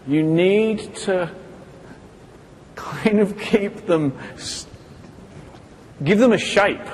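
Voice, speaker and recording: This male seminar presenter has a high-pitched, somewhat dark voice as he speaks from a stage in a hall. He puts questions to the audience and performs brief quoted dialogues during his live talk. The recording carries hall reverb and a faint background hiss.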